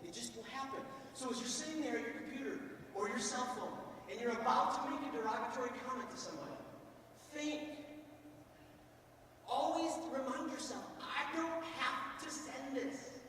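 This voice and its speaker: A man's voice: extremely high pitch, a little fast, a little hiss or hum. A man giving a joking, sarcastic motivational talk at a school assembly, playing to the students. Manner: joking, sarcastic, animated with the crowd. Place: school gym or auditorium. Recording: echoey hall from far off.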